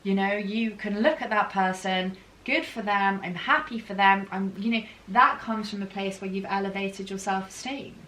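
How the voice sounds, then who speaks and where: A woman's voice: mid-range voice, normal speed, few pauses, bright, forceful tone. A woman life coach talking in an upbeat, emphatic way, often adding "right?" to her points. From England. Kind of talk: conversational interview. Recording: echoey room with faint noise.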